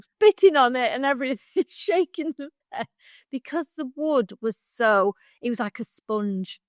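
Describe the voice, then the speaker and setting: A woman's voice: high voice, lively intonation, unhurried, dry recording, clean studio sound. A middle-aged woman, co-hosting a podcast and telling a long, heartfelt story in casual chat, rambling and laughing along the way. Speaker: podcast co-host.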